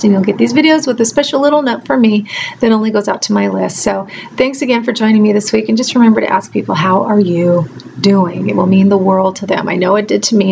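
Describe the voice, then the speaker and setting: A middle-aged woman vlogger speaking gently and earnestly to caregivers, emotional and close to tears. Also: fairly high pitch, gravelly, slight background noise. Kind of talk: heartfelt direct-to-camera talk.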